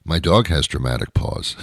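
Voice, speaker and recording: Low-voiced man doing a wry monologue. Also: fairly bright tone. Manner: wry, rambling, with dramatic pauses. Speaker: host. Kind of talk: comedic monologue.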